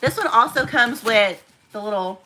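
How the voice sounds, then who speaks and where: A young woman with a small shop chats casually on a live stream while she packs orders at home, speaking freely as she goes. Her slightly high voice has lively intonation and a moderate pace, and background noise can be heard.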